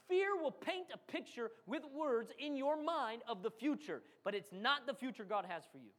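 A man's voice: very high voice, expressive, normal speed, few pauses, a bit bright. A man preaching a sermon as pastor, acting out quotes and calling for amens from the congregation. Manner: preaching with dramatic acted quotes and call-and-response.

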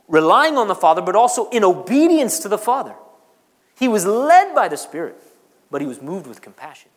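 A man preaching a sermon, repeating phrases for emphasis and pausing dramatically. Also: high-pitched. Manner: repetitive, emphatic delivery with dramatic pauses. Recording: long reverb of a large hall.

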